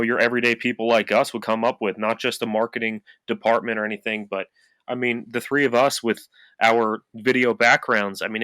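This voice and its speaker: A man's voice: mid-range voice, fairly bright tone, no room sound. A man co-hosting a football podcast, talking in a loose, upbeat way with plenty of fillers. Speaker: podcast co-host. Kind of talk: casual chat.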